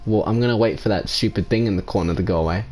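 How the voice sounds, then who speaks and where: A man's voice: on the low side, very fast, a little mellow, soft background music. A young man commenting on a visual novel as he plays, emotional, casually swearing and repeating himself. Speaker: gaming channel host. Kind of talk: emotional let's play commentary.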